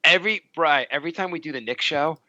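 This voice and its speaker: A man's voice: fairly high pitch, quick pace, pushed and bright, dry recording. A man co-hosting a podcast, teasing and joking with casual profanity. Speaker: podcast co-host. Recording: dry, slightly dull audio.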